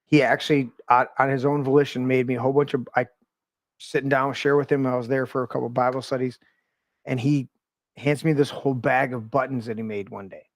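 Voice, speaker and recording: A man hosting a casual conversation, telling animated stories and swearing freely. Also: medium pitch, a little fast, no room sound, studio quality. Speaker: podcast host.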